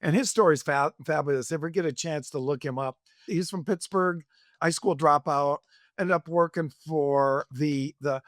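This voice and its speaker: A man's voice: a little high, normal speed, no room sound, clean studio sound. Enthusiastic man hosting a podcast. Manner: enthusiastic, rambling storytelling. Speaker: podcast host. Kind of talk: casual interview.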